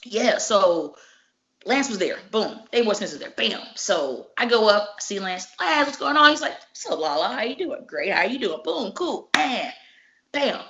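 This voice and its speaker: A woman, a professional wrestler, telling stories in a casual interview, animated and profane, acting out each exchange. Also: medium pitch, measured pace. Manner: animated, profane, acts out dialogue. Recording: muffled lo-fi recording.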